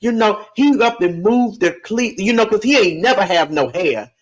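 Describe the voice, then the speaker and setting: Man doing a chatty old great-grandma, way high pitched, slow and teasing. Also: expressive.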